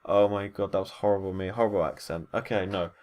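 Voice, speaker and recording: A man's voice: low voice, fairly even intonation, fast talker, a little mellow. A man giving a casual, rambling recap of wrestling matches, full of fillers and self-corrections. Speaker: wrestling show reviewer.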